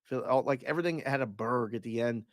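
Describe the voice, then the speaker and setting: A man co-hosting a sports talk show in casual chat, jumping in eagerly with questions and quick reactions. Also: medium pitch, no echo, studio quality.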